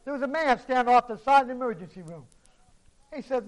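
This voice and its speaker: A man delivers a sermon with a dramatic storyteller's manner. His voice is unusually high for a man. He swings between hushed, low-volume lines and forceful, emphatic declarations. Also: expressive, fast, low-quality recording. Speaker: preacher.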